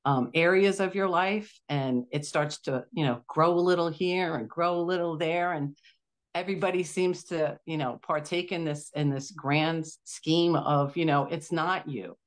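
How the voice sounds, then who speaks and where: A woman's voice: sits low, measured pace. A middle-aged woman giving a candid testimonial as a client guest, talking with enthusiasm and acting out the voices in her stories.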